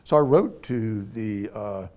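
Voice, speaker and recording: A man's voice: lowish voice, slow. Middle-aged man telling a story. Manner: animated anecdote teller, voices quoted people. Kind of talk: casual storytelling.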